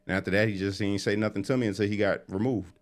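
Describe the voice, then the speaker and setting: Fast, lowish male guest. Animated, casual storyteller. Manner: animated, quick storyteller who acts out quotes. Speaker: interview guest.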